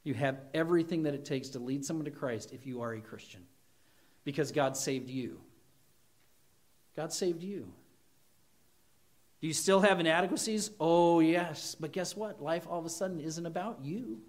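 A man preaching a sermon, animated and emphatic, acting out quoted voices. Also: a little high, a little fast, hardly any pauses. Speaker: pastor.

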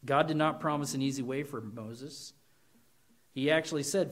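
A man preaching a sermon, animated and emphatic, acting out quoted voices. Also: mid-range voice, normal speed. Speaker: pastor.

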